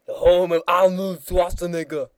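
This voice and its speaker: Loud Austrian action-star impression for a prank call, stilted, done by a young man. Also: high voice, flat delivery, normal speed, clear, resonant tone, dry recording, clean studio sound, natural voice. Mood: deadpan prank. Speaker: prank caller.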